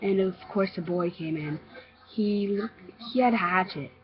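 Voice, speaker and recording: A woman narrating a homemade horror story, halting and stammering with many restarts. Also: medium pitch. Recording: dull lo-fi recording.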